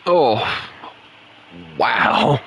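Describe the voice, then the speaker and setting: A man's voice: mid-range voice, sing-song, very slow, gravelly, slightly rough, low-quality recording. A young man, chatting casually and ranting while he plays a game from his home setup. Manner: loose, rambling, swings into loud frustrated outbursts. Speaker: gaming streamer. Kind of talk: casual gameplay commentary.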